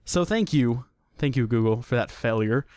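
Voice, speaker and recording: A man's voice: medium pitch, lively intonation, moderate pace, a little mellow, dry recording. A young man hosting a casual solo podcast, chatty and jokey, often restarting his sentences. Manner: chatty, jokey, self-deprecating, with many restarts. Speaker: podcast host.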